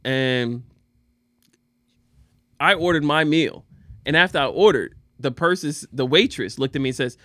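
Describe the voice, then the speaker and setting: A man with a slightly high voice swaps stories in a casual podcast chat, slangy and quick to laugh. He sounds close and dry on the mic. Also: no room sound. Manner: laughs often, slangy and animated.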